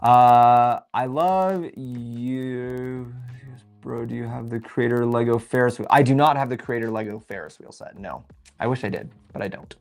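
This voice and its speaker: A young man hosting a casual livestream. He thinks aloud while building and reads viewer messages aloud in a relaxed, chatty way. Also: mid-range voice, measured pace, gravelly. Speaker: livestream host building a LEGO set.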